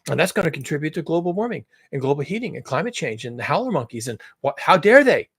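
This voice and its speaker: Sarcastic male ranter, husky and lively, profane, loud then muttering. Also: fairly high pitch, rapid-fire. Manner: profane, mocking, swings between shouting and muttering. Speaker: commentary channel host. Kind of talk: sarcastic rant monologue.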